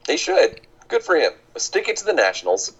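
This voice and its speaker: A man's voice: on the high side, huge pitch swings, normal speed, a bit bright, slightly rough, dull audio. A man co-hosting a podcast, talking in a thoughtful, hedging, analytical way. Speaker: podcast co-host. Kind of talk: casual chat.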